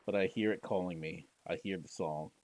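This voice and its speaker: A man's voice: sits low, moderate pace, darkish tone, rough recording. A man streaming a text-based game, reading the story aloud dramatically with joking asides. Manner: theatrical narration broken by joking asides.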